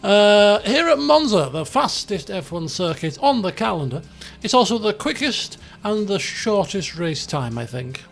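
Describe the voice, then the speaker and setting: Chatty man with a gravelly voice. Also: high voice, sing-song, measured pace, hardly any pauses, a bit bright, soft background music. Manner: chatty, self-deprecating, rambling. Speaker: game streamer. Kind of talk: casual live-stream commentary.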